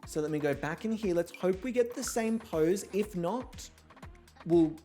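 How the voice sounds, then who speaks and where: A man's voice: high voice, lively intonation, unhurried, dark tone, soft background music. A young man hosting a model-show game, chatting casually in a campy, self-mocking way and swearing often. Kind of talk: casual gameplay commentary.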